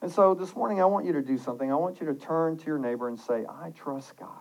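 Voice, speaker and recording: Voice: medium pitch, lively intonation, rapid-fire, a little mellow, poor audio. A pastor giving an earnest, conversational sermon, reading scripture and devotional passages aloud and often restarting phrases.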